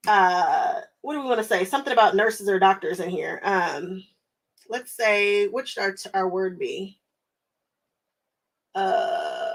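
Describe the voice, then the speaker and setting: Casting note: American woman, craft livestream host, chatty and easygoing, often laughing and pausing to think mid-sentence. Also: medium pitch. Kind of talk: casual livestream chat with viewers.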